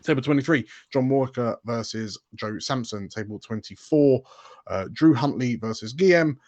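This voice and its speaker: A man reading out a tournament draw, name after name, in a steady rhythm. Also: medium pitch, normal speed, dry recording, muffled recording. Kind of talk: reading out a list of names.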